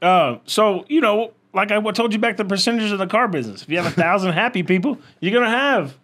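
A man's voice: high voice, fast talker, fairly bright tone. A man from Florida, a roofing salesman guest, telling blunt, brash stories in casual slangy chat.

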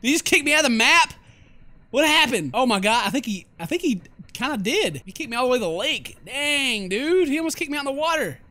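Young guy yelling and goofing around over a game, super bouncy up-and-down voice. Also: very high voice, lively intonation, fast talker, no echo. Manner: loud, goofy, shouting and laughing at the game. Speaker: gameplay commentator. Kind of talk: excited gameplay commentary.

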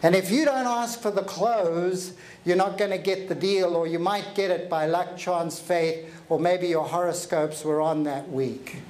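Animated, high-voiced male keynote speaker. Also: unhurried. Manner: animated, energetic, jokey. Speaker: motivational speaker. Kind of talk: keynote storytelling to a live audience. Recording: echoey hall with faint ambience.

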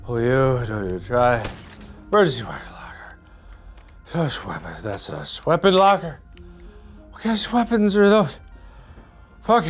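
A man in his thirties doing chaotic VR game commentary on a headset mic, swinging between loud outbursts and sick, out-of-breath muttering. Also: mid-range voice, very animated, unhurried, long pauses, faint music behind. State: nauseous and out of breath. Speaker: gaming video host.

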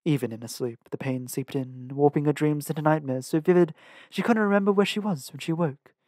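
A man reading a fantasy novel aloud as a fan audiobook, steady with occasional self-corrections. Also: a little high, a little fast, no room sound, clean studio sound. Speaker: audiobook reader.

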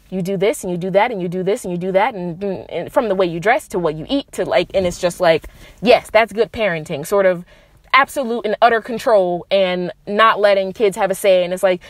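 A woman's voice: mid-range voice, a little fast, no echo, studio quality. A young adult woman hosting a podcast, giving relationship advice in a casual monologue, blunt and profane, with emphatic rises on her key points. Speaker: podcast host.

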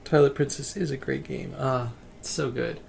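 A man's voice: medium pitch, steady tone, moderate pace, vocal fry, darkish tone, slight background noise. A man streaming a game casually, rambling as he plays and reading chat messages aloud.

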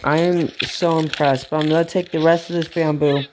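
A man giving casual, rambling commentary while playing a game, gasping and getting excited at cute animals. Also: a little high, brisk, background noise. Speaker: let's play gamer.

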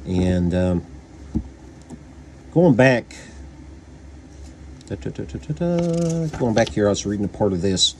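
A man's voice: on the low side, sing-song, slow pace, pauses often, a little mellow, slight background noise. A man from Kentucky with a Kentucky accent, casually reviewing a book, rambling with many fillers and restarts.

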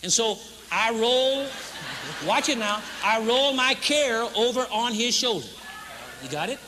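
Male preacher, emphatic and funny, very high and piercingly bright, to a church congregation. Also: big pitch swings, a little slow, a little hiss or hum. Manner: emphatic, humorous storytelling, acts out a demonstration. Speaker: pastor. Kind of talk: sermon. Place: church stage before a congregation.

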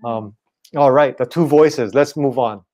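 A man preaching an online sermon in a relaxed, conversational way, often checking in with "right?". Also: medium pitch, a little slow. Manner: casual, repeats "right?" and "you know". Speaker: pastor.

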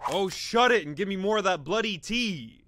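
A man voicing a gruff British bobby in a cartoon, with a put-on British accent. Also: high voice, lively intonation, normal speed, pushed and bright, a little hiss or hum, voice pushed down.

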